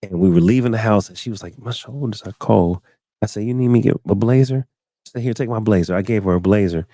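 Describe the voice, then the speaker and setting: A man with a very low, dark and mellow voice tells a long personal story on a live talk stream, the sound close and dry. He slips into other people's lines with sudden leaps up in pitch, then drops back into an easy, chatty tone. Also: fast talker, no echo. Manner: animated storyteller, acts out quotes with big pitch jumps. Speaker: show host. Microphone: studio mic, live stream.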